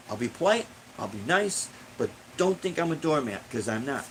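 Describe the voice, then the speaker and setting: A man's voice: a little high, sing-song, normal speed, fairly bright tone, slight background noise, rough recording. Blunt, indignant middle-aged man ranting. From Illinois. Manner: blunt, indignant, repeats himself for emphasis. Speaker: busking musician, vlogger. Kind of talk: casual ranting monologue.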